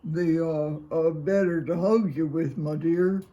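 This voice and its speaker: An older woman voicing a flustered male wolf who pretends to be a grandmother in a squeaky, strained falsetto, read as a storybook. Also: steady tone, a little slow, mellow, dull audio. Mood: nervous. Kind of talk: storybook reading.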